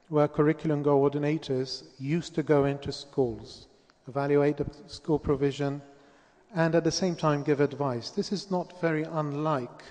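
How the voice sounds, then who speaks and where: A man's voice: on the high side, a little mellow. Man presenting in an echoey hall. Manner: measured, formal delivery with occasional restarts. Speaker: conference speaker. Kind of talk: formal presentation. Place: large conference hall. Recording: echoey hall, long reverb.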